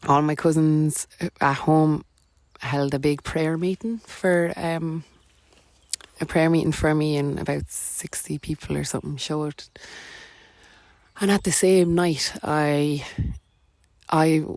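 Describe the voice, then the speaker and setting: A woman's voice: sits low, fairly even intonation, slow, darkish tone, dry recording. Irish woman rambling through a personal story. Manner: rambling, filler-heavy, laughs between lines. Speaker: podcast guest, wellness coach.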